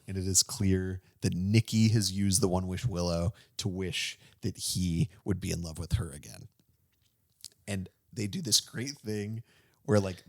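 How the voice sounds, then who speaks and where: A man hosting a casual movie review chat, excitedly recapping a plot with lots of fillers and restarts. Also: fairly low pitch. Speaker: movie review podcast host.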